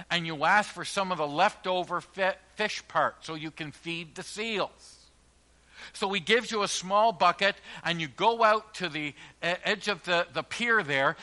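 Forceful, bright-voiced male pastor preaching. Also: a little high. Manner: earnest, emphatic preaching with slowed stressed phrases and trailing quiet endings. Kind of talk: sermon. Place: church.

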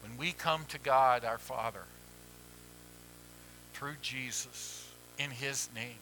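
A man preaching a sermon as pastor, who drops to hushed near-whispers and rises to loud pleading. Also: mid-range voice, slow pace, slight background noise, poor audio.

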